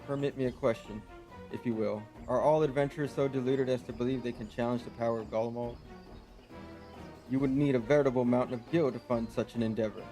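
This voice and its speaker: An actor playing a cold imperial agent who speaks in a formal, condescending way in a game cutscene. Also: male voice, medium pitch, fairly even intonation, fast talker, mellow, faint music behind, close to an everyday voice. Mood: mocking.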